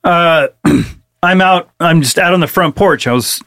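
A man's voice: fairly high pitch, unhurried, vocal fry, fairly bright tone, no echo. A man co-hosting a comedy podcast, telling a rambling story in casual, profane chat. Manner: rambling storyteller, swears freely. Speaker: podcast co-host.

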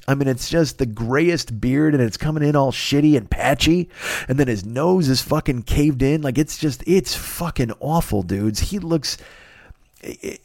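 A man hosting a podcast, delivering a profane, incredulous comedic rant and mocking people in a high whiny voice. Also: dry recording, studio quality. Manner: heavy swearing, ranting, incredulous; mocks others in a high whiny voice. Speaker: podcast host.

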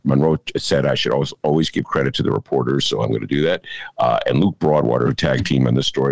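Deep gravelly guy hosting a politics podcast, swoops up and down a lot, dry studio sound. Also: dry recording. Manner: animated, laughing, mocking voices. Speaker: podcast host. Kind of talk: casual political commentary.

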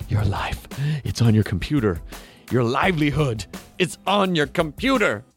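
A man hosting a podcast, reading an ad and chatting in a rambling, jokey way with quick restarts. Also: mid-range voice, big pitch swings, faint music behind. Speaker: podcast host. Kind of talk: casual chat and live-read ad.

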